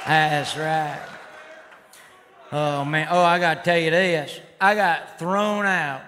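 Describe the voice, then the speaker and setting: Man, stand-up comic, high-pitched drawl, rowdy and shouty, live hall echo, crowd laughing. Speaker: stand-up comedian. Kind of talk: stand-up routine. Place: live comedy stage. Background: audience laughter and noise.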